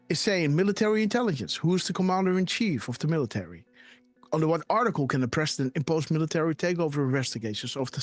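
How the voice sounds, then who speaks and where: A man hosting a live decode show, talking fast and excitedly and asking "right?" again and again. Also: on the high side. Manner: animated, repeats "right?" and "guys". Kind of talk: conspiracy decode commentary.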